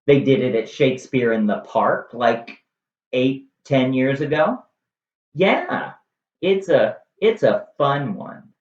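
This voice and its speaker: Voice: medium pitch, expressive, takes it slowly. A host casually retelling a classic play, wry and conversational with lots of animation. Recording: roomy, distant, dull lo-fi.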